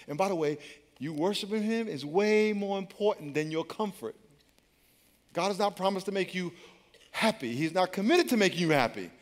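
A man's voice: high voice, animated, normal speed. A man in his fifties preaching a sermon as a pastor, in a conversational storytelling way with humor. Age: 50s. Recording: long reverb of a large hall.

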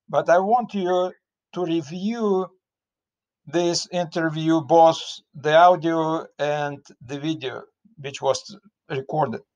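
A man with a Russian accent interviewing a guest in a slow, searching online chat, often restarting his sentences. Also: on the high side, a little mellow. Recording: dull lo-fi audio.

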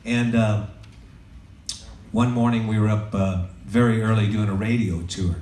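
A man's voice: on the low side, fairly even intonation, measured pace, slight background noise. Chatty man telling stories on stage. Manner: loose, chatty, joking with the audience. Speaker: songwriter performing live. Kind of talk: stage storytelling between songs. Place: live music venue, on stage. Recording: echoey live room, heard from a distance, loud music.

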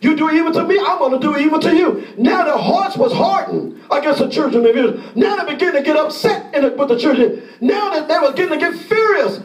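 Man, pastor, sermon, very high voice, impassioned shouting, echoey church room. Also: lively intonation, brisk, hardly any pauses, far from the mic. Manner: impassioned preaching, often shouting, acting out voices.

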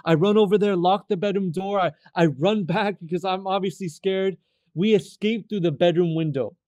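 A man in his thirties from California, telling his life testimony as a guest in an earnest, halting way, often repeating words as he restarts. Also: sits high, dark tone, dry recording. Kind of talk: personal testimony storytelling.

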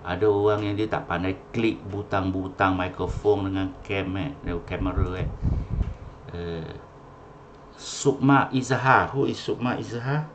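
Man, Malaysian English accent, lowish voice, online class roll call, faint noise behind. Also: normal speed, a little mellow. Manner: mixes English and Malay, repeats names, ends with "eh?". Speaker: teacher. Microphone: video call.

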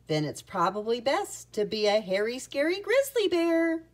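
A woman voicing a big, shy young male grizzly bear who talks gently and sniffles when sad, in a storybook reading. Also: fairly high pitch, sing-song, moderate pace, voice pushed up. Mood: shy gentle.

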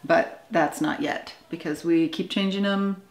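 A woman in casual conversation as co-host of a homestead video, talking in a lively, teasing way and laughing often. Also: fairly low pitch, measured pace. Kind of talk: casual chat. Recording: echoey room with faint noise.

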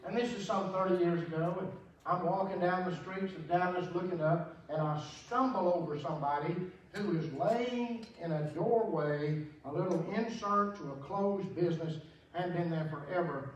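A man's voice: high-pitched, moderate pace, muffled recording, a little hiss or hum. An older man preaching a sermon, telling folksy stories with humorous asides. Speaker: pastor. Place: church sanctuary. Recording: very echoey church, distant mic.

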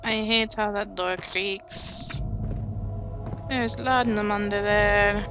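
A woman's voice: mid-range voice, steady tone, slow. A woman casually commenting as she plays a game, chatting, muttering and humming to herself as she explores. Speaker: let's play gamer. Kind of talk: casual let's play commentary. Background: game music.

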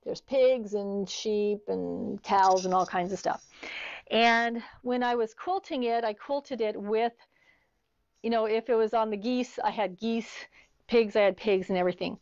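A woman's voice: medium pitch, steady tone, measured pace, darkish tone, no room sound, highs cut off. A middle-aged woman teaching an online sewing class, chatty, telling stories as she demonstrates. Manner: chatty, storytelling asides. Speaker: sewing instructor.

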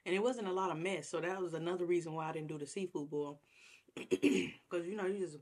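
A woman mukbang vlogger, her voice lowish with a darkish tone, eats a meal on camera. She savors each bite and chats casually with her viewers as she chews.

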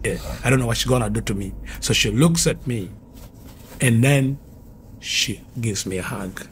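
A man's voice: mid-range voice, normal speed, slight background noise. A man who was formerly an occultist gives an earnest, vivid spoken testimony, repeating phrases as he tells his story.

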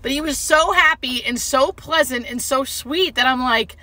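A woman who works as a hospice nurse, casually telling a story to camera in an animated, expressive way. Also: high-pitched, moderate pace. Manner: animated, expressive retelling with quoted dialogue.

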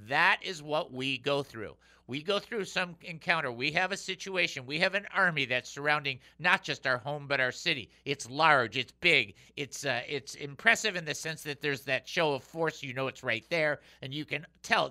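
A man hosting a radio show and preaching emphatically, swinging between loud and hushed delivery. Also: high-pitched. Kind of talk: radio Bible teaching.

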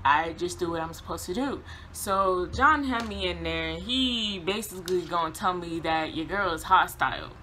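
A young woman vlogger telling a casual storytime, animated, laughing often and acting out quotes. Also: on the low side, moderate pace, few pauses, noisy background.

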